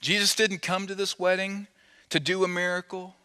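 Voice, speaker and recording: A man's voice: high voice, flat delivery, normal speed, bright, forceful tone, smooth. A man preaching a sermon as pastor, telling a story playfully and acting out the quoted dialogue. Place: church auditorium. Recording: long hall reverb.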